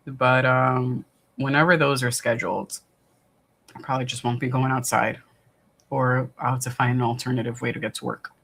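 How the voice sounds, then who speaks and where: Reading viewer comments on a home desktop mic, this New York–area watch-party streamer rambles loosely, full of "um"s and false starts. The voice sits at a normal middle pitch with a level tone, gravelly and husky yet fairly bright, and the pace stays relaxed and casual.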